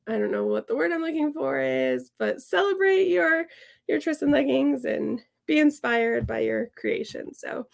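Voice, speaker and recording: Gravelly-voiced woman with a cold. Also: fairly high pitch. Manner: chatty and upbeat, with fillers. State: sick, gravelly voice. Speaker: sewing instructor. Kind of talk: casual sew-along tutorial.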